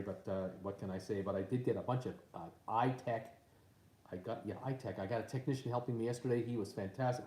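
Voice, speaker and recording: Here a man's mid-range, slightly mellow voice carries a laid-back stream he's hosting at home on a tablet. He works through viewer comments aloud with frequent uhs and ums, recorded via the tablet's built-in mic in a room with noticeable echo.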